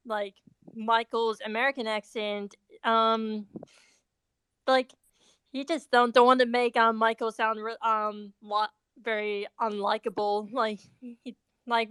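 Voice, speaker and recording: A woman's voice: fairly high pitch, fairly bright tone, clean tone, no room sound. A woman on a fan discussion panel who talks hesitantly, filling her sentences with um and like. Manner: hesitant, full of um and like. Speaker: podcast panelist.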